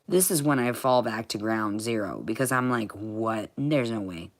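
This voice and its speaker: A woman vlogging in a rambling, profane monologue, swinging from muttering to shouting. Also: extremely low pitch, moderate pace, hardly any pauses.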